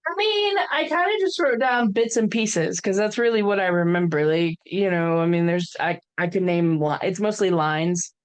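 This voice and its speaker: A woman's voice: lowish voice, moderate pace, hardly any pauses, clear, resonant tone. A woman in her thirties, a podcast co-host, chatting casually and rambling with many fillers and restarts. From United States. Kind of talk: casual chat.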